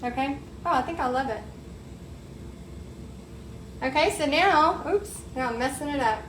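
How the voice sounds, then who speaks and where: A woman with a high, fairly bright voice hosts a live painting tutorial at an unhurried pace, upbeat and chatty as she talks to viewers while she works. The room is echoey, with faint background noise.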